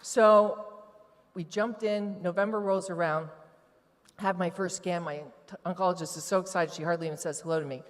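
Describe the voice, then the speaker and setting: A woman's voice: lowish voice, steady tone, moderate pace. A woman giving a candid, emotional personal testimony to a live audience from a stage. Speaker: retreat participant giving testimony. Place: large event hall on stage. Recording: long hall reverb from a live venue.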